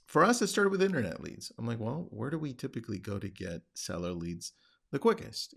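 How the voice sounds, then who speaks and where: A man's voice: mid-range voice, gravelly. A middle-aged man hosting a podcast, talking casually as a real estate coach and acting out phone calls in a livelier voice. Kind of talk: casual talk.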